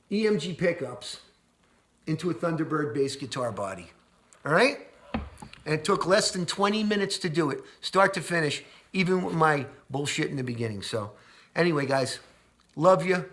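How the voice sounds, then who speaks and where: Rambling man with a slightly high voice. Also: lively intonation, moderate pace, long pauses, background noise. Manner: rambling, repeats words, swears when annoyed. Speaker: video host demonstrating an install. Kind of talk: casual how-to walkthrough.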